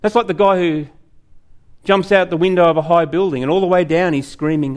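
Earnest male preacher, high-pitched, storytelling sermon. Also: a little fast, clear, resonant tone.

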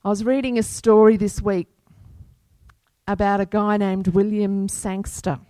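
A woman pastor preaching a sermon to her congregation in an unhurried, earnest manner, quoting scripture. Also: medium pitch, flat delivery, mellow, dry recording.

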